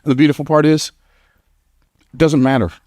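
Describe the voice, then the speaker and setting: A man's voice: fairly high pitch, little pitch movement, fairly quick, a little mellow, no room sound, studio quality. A man giving a motivational speech to a live audience, telling stories in an emphatic, conversational way and laughing at his own lines. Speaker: motivational speaker.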